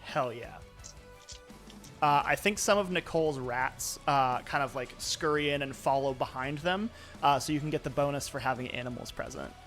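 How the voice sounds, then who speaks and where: A man's voice: mid-range voice, moderate pace, a bit bright, faint music behind. A man narrating as game master of a live tabletop role-playing game, talking loosely with many fillers.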